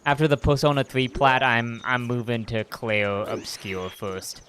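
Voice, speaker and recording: A man's voice: medium pitch, fairly even intonation, a little slow, a bit bright, slight background noise. A man chatting casually as a streamer while playing a game, joking and chatty with bits of mock outrage. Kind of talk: casual gameplay commentary.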